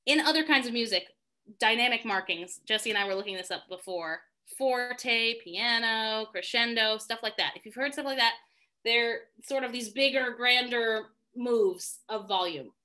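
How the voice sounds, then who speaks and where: Bright-voiced woman teaching singing online. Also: on the high side, normal speed. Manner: chatty and self-deprecating, thinks aloud. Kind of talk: live online music lesson. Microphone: video call.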